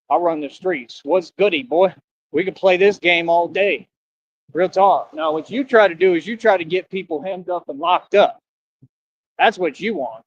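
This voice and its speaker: A man's voice: on the high side, highs cut off. A man livestreaming outdoors from the street, ranting in a boastful, taunting way, full of slang.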